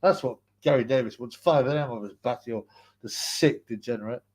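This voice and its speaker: A man with a mid-range, slightly mellow and slightly rough voice talks briskly while hosting his livestream. He goes through viewer comments in a rambling manner, repeating words and laughing frequently as he replies.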